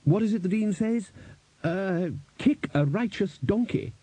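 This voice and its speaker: A man's voice: sits high, expressive, a little slow, mellow, breathy edge, no room sound, voice pushed up, heavily acted. A man voicing a hearty, absent-minded elderly male wizard leader in an audiobook reading. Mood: blustering.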